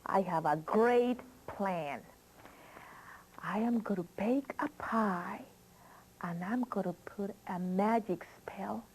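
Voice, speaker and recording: A woman's voice: mid-range voice, unhurried, dark tone, slight background noise, natural voice, low-quality recording. A woman voicing a cranky old female witch who shrieks her indignant outbursts in a storybook reading. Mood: scheming, hushed.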